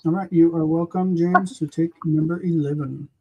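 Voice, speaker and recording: A man teaching an online class, encouraging his students and gently correcting their pronunciation over a video call. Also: fairly high pitch, fairly even intonation, moderate pace, dull audio, slight background noise.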